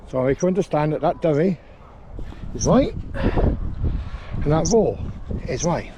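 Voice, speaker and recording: A man, a dog trainer, calmly explaining a training session on an outdoor grass field. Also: fairly high pitch, slow, long pauses, dull audio, background noise. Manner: calm explaining, with sharp shouted commands to a dog.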